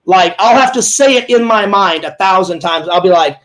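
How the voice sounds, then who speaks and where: A man's voice: high voice, expressive, normal speed, fairly bright tone, poor audio. A man hosting a casual interview, rambling through personal stories and acting out what others said, often repeating himself. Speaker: host. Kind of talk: casual chat.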